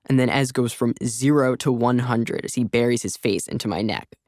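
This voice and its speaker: A male narrator reads a first-person story in a wry, conversational way, with a gravelly edge to a voice of ordinary pitch. The studio sound is dry and close, with no room around it. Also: moderate pace, darkish tone, no room sound. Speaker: audiobook narrator. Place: recording studio.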